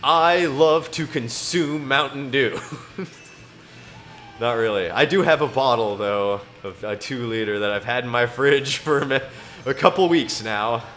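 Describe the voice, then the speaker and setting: A man's voice: mid-range voice, expressive, moderate pace, fairly bright tone. A man streaming alone, reading scripture aloud and chatting casually, rambling to himself and chuckling often.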